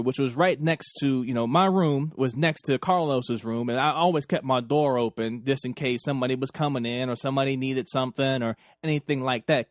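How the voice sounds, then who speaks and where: A young man hosting a podcast, telling a crude story in a loose, profane, animated way and acting out the lines he quotes. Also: mid-range voice, no echo, studio quality. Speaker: podcast host.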